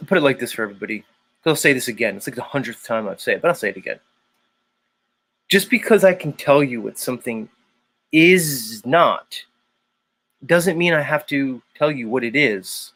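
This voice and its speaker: A man hosting a live stream, ranting in a heated, profane way and then talking himself calm. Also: medium pitch. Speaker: livestream host. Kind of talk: casual live-stream rant.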